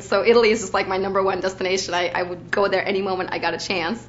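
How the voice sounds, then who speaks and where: A young adult woman from Ukraine introduces herself for an acting audition, chatty and bubbly, with lots of "like." Oddly, her medium-pitched delivery is flat and fast, with hardly any pauses. The recording sounds dull and lo-fi.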